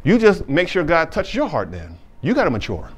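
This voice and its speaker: A male pastor preaching a sermon, reading scripture slowly and then explaining it in casual, plain talk. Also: fairly high pitch, wildly swooping pitch, a little hiss or hum. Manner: casual informal phrasing.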